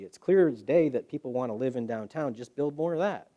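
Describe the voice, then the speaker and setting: A man's voice: mid-range voice, fairly quick, few pauses. A man presenting to a live audience in a hall, telling stories with rhetorical questions and acted-out quotes. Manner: animated storyteller, acts out quotes, rhetorical questions. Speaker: guest presenter. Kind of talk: public talk to a live audience.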